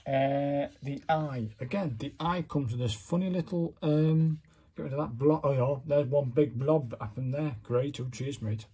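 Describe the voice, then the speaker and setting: A calligraphy hobbyist casually demonstrates his work step by step, chatty and self-critical as he narrates each move. His mid-range voice is warm and husky, at a moderate pace.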